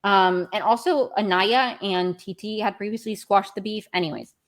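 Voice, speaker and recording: A woman's voice: mid-range voice, moderate pace. A young woman hosting a podcast, recapping a reality show in a rambling, self-correcting way, with exasperated outbursts. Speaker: podcast host.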